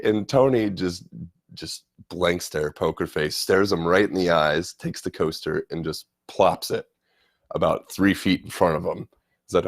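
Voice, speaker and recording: A man tells a story from a trip in a loose, animated way, stumbling over repeated words as he goes. His voice is very deep with a gravelly fry, and it is recorded close and dry. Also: normal speed, no room sound. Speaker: vlogger telling a travel story. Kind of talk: casual storytelling.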